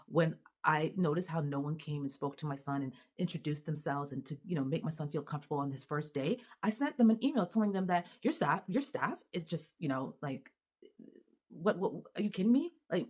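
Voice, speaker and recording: Low-voiced woman venting to camera. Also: fairly quick. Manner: animated and exasperated, many restarts and fillers. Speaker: mother and vlogger. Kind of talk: casual venting monologue to camera.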